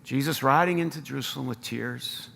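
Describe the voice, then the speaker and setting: A man's voice: medium pitch, fairly quick, gravelly, a bit bright, long reverb tail, a little hiss or hum. An American man preaching a sermon as pastor, earnest and rising to emphatic appeals. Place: church sanctuary.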